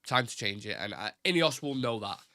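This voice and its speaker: A man's voice: mid-range voice, no echo. Young Mancunian man, live-stream host, blunt, swears, dry close sound. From Salford, Greater Manchester. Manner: blunt, opinionated, swears, fast and animated. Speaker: host of a fan talk show. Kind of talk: live-stream chat, reading viewer comments.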